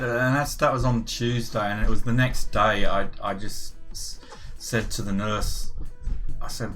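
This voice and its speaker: A man's voice: on the low side, fairly even intonation, unhurried, fairly bright tone, faint music behind. An older British man chatting casually on a gaming livestream, rambling and swearing freely as he tells a story. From United Kingdom. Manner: rambling and profane, with frequent swearing and restarts. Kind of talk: casual chat.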